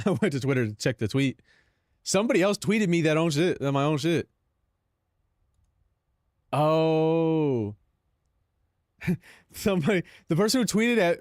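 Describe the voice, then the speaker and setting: A man's voice: on the high side, dry recording, studio quality. A man live streaming in casual chat, talking in slang, calling his viewers "bro" and laughing between lines.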